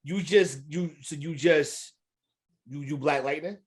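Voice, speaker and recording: A man co-hosting a podcast in casual chat, an animated storyteller who laughs and acts out the people he quotes, with speech. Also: on the high side, measured pace. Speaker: podcast co-host.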